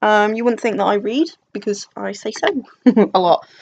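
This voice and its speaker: A woman's voice: mid-range voice, moderate pace, gravelly, muffled recording. A young woman from England chatting casually about books, rambling and self-deprecating with many fillers and restarts. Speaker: book vlogger. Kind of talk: casual chat. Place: dim room at home.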